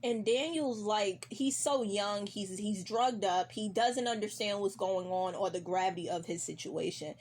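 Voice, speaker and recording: A woman's voice: medium pitch, a little slow, hardly any pauses, a little hiss or hum. A woman recapping a TV episode in casual, profane chat, acting out the characters' lines as she goes. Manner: animated, acts out characters' lines mid-story.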